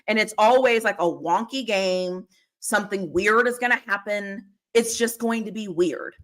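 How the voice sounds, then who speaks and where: A woman's voice: medium pitch, normal speed. A woman co-hosting a casual football talk stream, rambling and laughing often as she talks over a video call. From Pittsburgh area. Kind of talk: casual chat. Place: home, live stream call.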